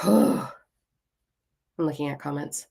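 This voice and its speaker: Low, gravelly-voiced woman ranting bluntly. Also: takes it slowly, dark tone. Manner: blunt, ranting, swears freely; self-mocking and playful. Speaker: spiritual reader and live-stream host. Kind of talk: casual live-stream card reading.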